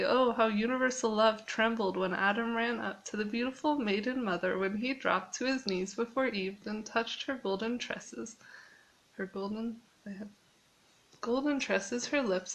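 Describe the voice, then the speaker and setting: A woman's voice: mid-range voice, fairly bright tone, low-quality recording. A woman reading a book aloud, stopping to reread phrases and add her own comments. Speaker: reader.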